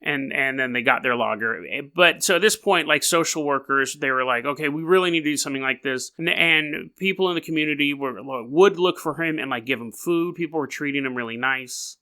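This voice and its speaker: A man's voice: medium pitch, moderate pace, hardly any pauses, pushed and bright. A young adult man hosting a podcast, telling a story casually with rambling, jokey asides. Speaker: podcast host.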